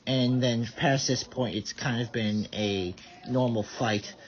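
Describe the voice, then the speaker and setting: A man's voice: medium pitch, steady tone, takes it slowly. A tired man giving rambling casual live commentary, stumbling over his words. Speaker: vlogger. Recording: dull lo-fi audio.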